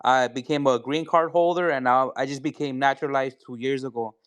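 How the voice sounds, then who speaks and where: A man with a Mexican accent speaks earnestly and casually, with plenty of "you know" fillers. His voice is smooth and resonant, recorded dry and close. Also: medium pitch, steady tone, a little fast, no echo. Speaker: caller. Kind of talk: casual call-in chat.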